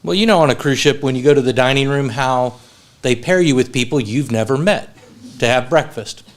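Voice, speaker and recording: A man's voice: medium pitch, fairly quick. A man giving a eulogy for a friend at a memorial service, telling funny stories and then speaking sincerely. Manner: storytelling, moving between humor and sincere tribute. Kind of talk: memorial speech with anecdotes. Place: funeral home service.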